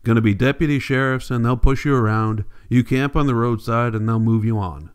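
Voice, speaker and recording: A man's voice: medium pitch, a little fast, clean tone, close to an everyday voice. A man reading the part of a weary, bitter migrant farmer father in blunt rural folk speech, for an audiobook.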